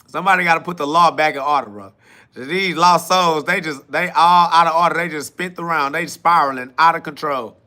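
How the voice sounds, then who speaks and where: A man's voice: fairly high pitch, brisk, pushed and bright. Laughing, mocking man ranting on a live stream. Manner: laughing, mocking, profane, preachy. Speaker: podcast host reading live comments. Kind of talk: live-stream self-talk rant.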